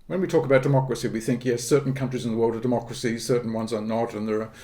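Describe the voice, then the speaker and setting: A warm, steady, mid-range voice belongs to a middle-aged politics professor on a podcast. Measured and academic, he explains ideas while pausing with fillers and restarting phrases.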